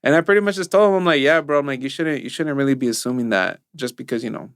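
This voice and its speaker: A man's voice: medium pitch, fast, a bit bright, smooth, no room sound, clean studio sound. A young man co-hosting a casual podcast, telling work stories and mixing in Spanish phrases. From Mexico. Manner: storytelling, mixes in Spanish phrases. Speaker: podcast co-host. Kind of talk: casual chat.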